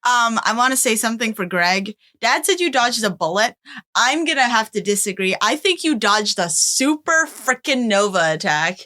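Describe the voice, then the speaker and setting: A young woman from Canada chats on a podcast in a bright, sharp voice that swings widely in pitch. She giggles a lot and gives blunt, quick opinions. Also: lively intonation. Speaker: podcast guest, host's daughter. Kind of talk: casual podcast chat.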